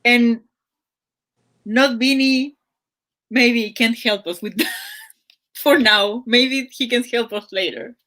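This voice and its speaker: A woman's voice: on the high side, slow, pauses often, pushed and bright. A woman hosting a livestream in casual chat, giggling often and restarting her sentences, speaking English as a second language. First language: not English. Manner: chatty, giggly, many fillers and restarts. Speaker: livestream host. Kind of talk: casual live-stream chat.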